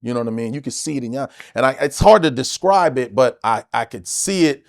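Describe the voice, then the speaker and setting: A man from the United States, an actor guest telling stories in a casual interview, animated and emphatic, with plenty of swearing. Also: medium pitch, fairly quick, creaky, no room sound, studio quality.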